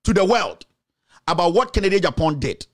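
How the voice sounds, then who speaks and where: Man, Ghanaian accent, scolding political rant, high voice, swooping intonation. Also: very animated, brisk. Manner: emphatic, scolding, switches into Twi phrases. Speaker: political commentator. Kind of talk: heated online commentary.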